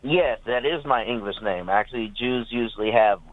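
Hesitant male caller on a phone line. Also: mid-range voice. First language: Hebrew. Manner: hesitant, halting with fillers. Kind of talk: phone-in question.

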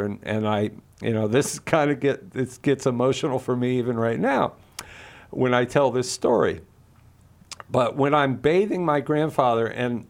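Earnest middle-aged man telling a story. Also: mid-range voice. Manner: earnest, passionate, repeats words when stirred. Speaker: Catholic speaker. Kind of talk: personal story and moral argument.

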